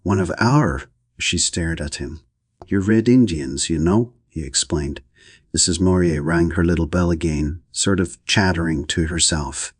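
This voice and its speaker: A man narrates a novel for an audiobook in a steady, even reading. His voice is very deep with a husky edge. The sound is close and dry, with no room echo. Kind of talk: scripted narration.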